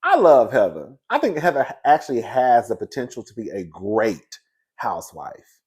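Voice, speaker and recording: A man recapping a reality TV episode in casual solo chat, sassy and animated, laughing often and acting out quotes. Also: medium pitch, moderate pace, breathy edge.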